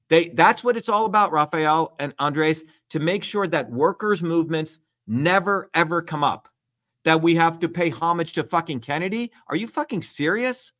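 A man's voice: fairly high pitch, fairly bright tone. A middle-aged man hosting a livestream, talking bluntly and emphatically with lots of profanity. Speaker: host. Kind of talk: heated livestream talk.

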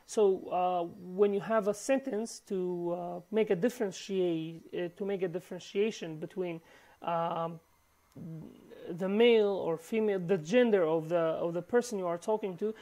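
A woman whose first language is Kurdish, teaching a language lesson in halting English full of fillers, repeating each word for practice. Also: on the low side, warm tone. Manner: halting, many fillers and restarts. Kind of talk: recorded online lesson.

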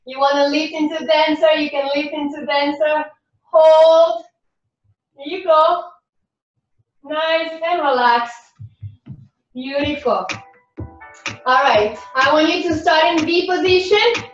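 A woman leading a dance class warm-up, giving calm, encouraging cues that sometimes turn sing-song. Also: sits high, slow pace, long pauses. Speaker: dance instructor. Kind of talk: guided warm-up class instruction. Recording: far-off echoey room, dull sound, music behind.

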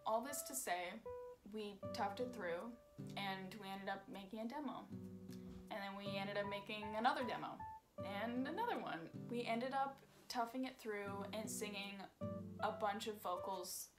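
A candid young woman talking through her vlog in a casual, self-deprecating tone, her pitch sitting mid-range for a woman. Guitar music plays clearly underneath her voice. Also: moderate pace. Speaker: singer making a single.

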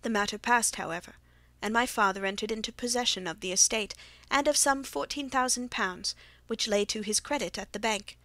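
A woman reads a classic story aloud as an audiobook, keeping a steady, measured first-person telling. Her voice sits fairly high. The recording is dry and close, with no room sound. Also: dry recording. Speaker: audiobook narrator.

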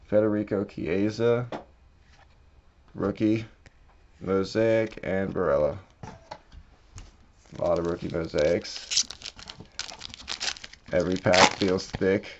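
Slow-talking man opening card packs. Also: sits low, fairly even intonation, dull audio, a little hiss or hum. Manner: reads card names off quietly, bursts out at big hits. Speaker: card-breaking channel host. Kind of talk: casual pack-opening commentary.

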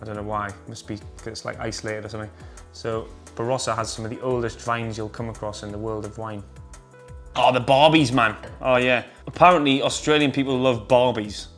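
A man's voice: fairly low pitch, flat delivery, quick pace, soft background music. A man with a Geordie accent, casually explaining wine regions in a chatty, enthusiastic, slangy way. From North East England. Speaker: wine vlogger.

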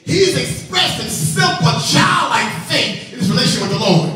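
A male pastor preaching a sermon in a church, animated, repeating words and calling on church members by name. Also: very high voice, moderate pace. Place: church sanctuary. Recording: echoey hall from far off, organ faint.

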